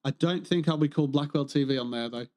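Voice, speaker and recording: A man's voice: fairly high pitch, quick pace, a little mellow. Rambling, joking man streaming games. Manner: rambling, joking, swears freely. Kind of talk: casual gaming livestream chat.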